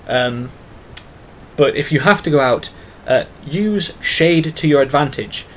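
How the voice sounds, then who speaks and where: A man's voice: fairly high pitch, lively intonation, slow pace, slight background noise. Rambling British man vlogging. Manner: rambling and long-winded, with many fillers; self-mocking asides. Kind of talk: casual tag-video monologue.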